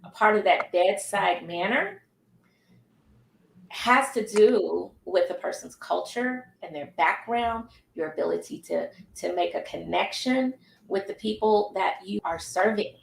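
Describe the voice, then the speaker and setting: Woman, gravelly voice, talk show co-host, opinionated, echoey room, faint noise. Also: mid-range voice, a little slow. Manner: chatty, opinionated commentary. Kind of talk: casual talk show chat.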